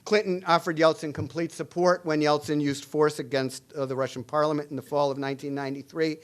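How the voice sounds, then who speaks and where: Middle-aged guy lecturing at a public forum, kinda high voice, lots of uhs and restarts, measured. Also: flat delivery. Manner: measured, with frequent "uh" fillers and restarts; reads quoted dialogue aloud with added emphasis. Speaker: international relations professor giving a lecture.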